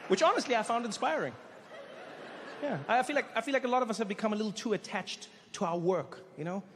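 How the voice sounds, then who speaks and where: A man with a high voice tells stand-up stories on a stage, animated and quick to slip into other people's voices. His handheld mic is caught with a long hall reverb and a faint ambience of a large venue behind him. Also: slight background noise. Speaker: stand-up comedian. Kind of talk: stand-up storytelling.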